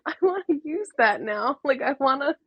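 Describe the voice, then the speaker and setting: A woman's voice: high-pitched, lively intonation, normal speed, no room sound, dull audio. A woman co-hosting a podcast in casual chat, reacting with wry disbelief. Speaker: podcast co-host.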